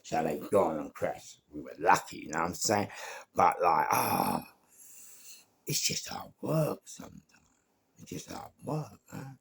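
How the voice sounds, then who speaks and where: London geezer telling stories, gravelly and a bit husky, swears a lot, pitch all over the place. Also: male voice, big pitch swings, unhurried, a bit bright, slight background noise. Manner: swearing, emphatic, streetwise. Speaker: storyteller. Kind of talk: casual anecdote told to camera.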